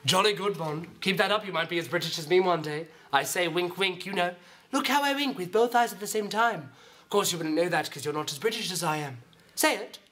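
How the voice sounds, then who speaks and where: A man's voice: high voice, a little fast, pushed and bright. A man playing a vain, pompous male spy chief in an amateur comedy sketch, with a put-on posh British manner. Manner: pompous, fussy, put-on British upper-class voice.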